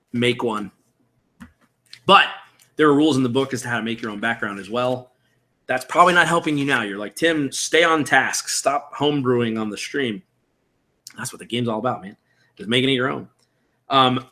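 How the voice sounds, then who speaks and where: A streamer building a game character speaks with a mid-range voice, pushed and bright. He explains character creation on a live stream casually and rambling, thinking out loud and replying to viewer chat, in a room at home with window blinds.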